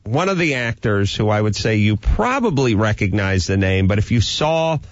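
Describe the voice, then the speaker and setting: A male radio host delivers a long, animated rant, acting out quotes of himself and his household. The sound is dull and lo-fi, very dry with no room to it. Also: fairly low pitch, moderate pace, no room sound. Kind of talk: comedic rant and phone interview.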